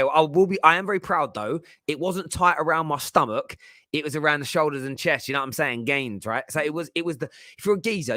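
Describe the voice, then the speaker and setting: A man's voice: fairly high pitch, a bit bright, no echo, clean studio sound. Chatty man in his thirties. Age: 30s. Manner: chatty, laughs often, rambling asides. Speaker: host. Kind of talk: casual chat.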